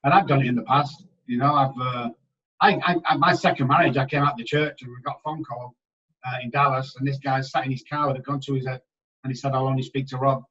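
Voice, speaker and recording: A man's voice: medium pitch, fairly even intonation, fast talker, fairly bright tone, distant mic, lo-fi sound. A man from England, a recovery doctor talking bluntly and swearing a lot in a casual interview.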